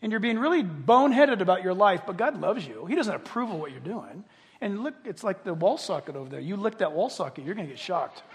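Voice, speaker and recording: An older pastor preaches in a high, wildly swinging, expressive voice at a fairly quick pace, while the hall rings with long reverb. He shifts from near-whispered, intimate confession to loud, impassioned calls, acting out the people he quotes and joking with the crowd for laughs.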